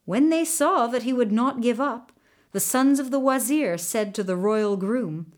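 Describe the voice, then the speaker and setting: A woman's voice: on the high side, animated, unhurried. A woman narrating a folk tale from a storybook, reading with voiced characters.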